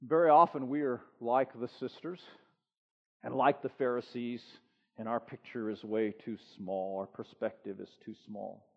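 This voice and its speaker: A man's voice: mid-range voice, steady tone, moderate pace, creaky. A male pastor preaching a sermon, hammering points with repeated phrases and rhetorical questions. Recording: reverberant hall, dull lo-fi sound.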